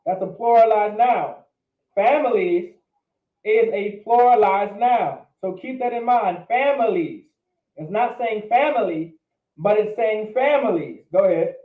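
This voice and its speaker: Male Hebrew teacher, high voice, far from the mic, thin phone-like sound, patient and repetitive. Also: measured pace. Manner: patient, checks understanding with repeated questions. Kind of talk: classroom teaching. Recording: roomy, distant, phone-like lo-fi.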